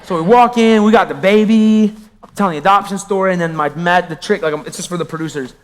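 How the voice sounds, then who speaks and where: A man from Pennsylvania, high-pitched for a man, tells his faith story to a gathered crowd. He moves between low, hushed asides and bright exclamations. His voice rings out with a long reverb, as in a large hall. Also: quick pace. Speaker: magician sharing his testimony. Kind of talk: testimony talk to a live audience.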